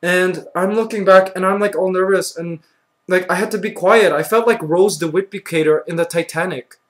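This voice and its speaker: A young man vlogging, telling a story with excitable, acted-out reactions and lots of "like" and "you know". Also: high voice, moderate pace. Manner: excitable, acts out his own reactions with sudden loud outbursts; peppers speech with "like" and "you know". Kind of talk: animated storytelling.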